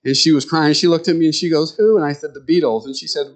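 Middle-aged male pastor, easygoing sermon delivery, lively storytelling voice. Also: fairly high pitch, quick pace, few pauses. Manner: conversational, animated storytelling with quoted voices.

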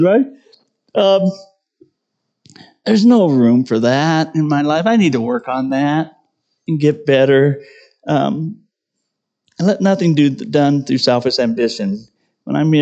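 A man's voice: mid-range voice, a little mellow. A middle-aged man preaching a conversational sermon, poking fun at himself and often asking "right?". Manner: conversational, self-deprecating, tags lines with "right?". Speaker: pastor.

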